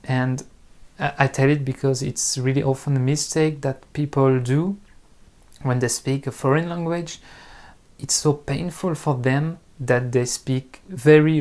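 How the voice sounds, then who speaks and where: A man with a French accent, a native French speaker, talking slowly and carefully to camera as an online French teacher, with many pauses and restarts. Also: fairly high pitch, a little mellow. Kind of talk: casual talk to camera.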